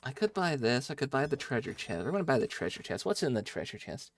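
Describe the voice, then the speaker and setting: A man's voice: medium pitch, very animated, fast talker. A young man streaming a game, chatting playfully with his viewers as he plays, on a headset mic. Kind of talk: casual live game-stream chat with viewers.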